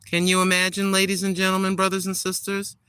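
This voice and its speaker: An older woman hosting a walking vlog outdoors in a park, chatting in a rambling way and addressing viewers as ladies and gentlemen. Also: medium pitch, completely flat delivery, fast, clear, resonant tone, dry recording. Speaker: vlog host. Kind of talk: casual walking vlog chat.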